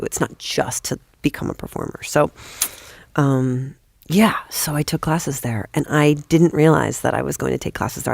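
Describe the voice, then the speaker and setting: Fast-talking, gravelly woman telling stories. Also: a bass voice, dry recording. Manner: rapid, animated, swears freely. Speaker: guest, comedic actress. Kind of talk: casual podcast storytelling.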